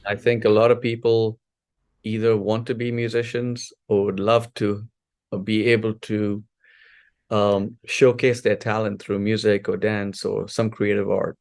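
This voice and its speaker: A man in his forties from India speaks as a podcast guest, his voice low and full of vocal fry. He tells his story in a lively, rambling way, stopping to restart and adding fillers as he goes. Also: a little slow. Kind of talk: casual interview storytelling.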